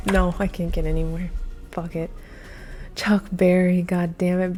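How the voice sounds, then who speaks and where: A woman's voice: on the low side, flat delivery, normal speed, warm tone, faint music behind. A woman thinking aloud while taking a timed trivia quiz, flustered and muttering, with many hesitations. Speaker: quiz video creator.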